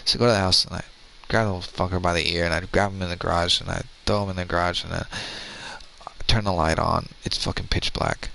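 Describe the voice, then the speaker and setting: A man's voice: deep voice, fairly even intonation, quick pace, vocal fry, sharp tone, a little hiss or hum, poor audio. A man in his thirties telling a rambling, profane story in casual chat. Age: 30s.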